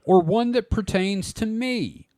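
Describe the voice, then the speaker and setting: A man's voice: sits high, takes it slowly, darkish tone, dry recording, studio quality. A man hosting a casual podcast, joking and laughing often as he reads an article aloud. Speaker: podcast host.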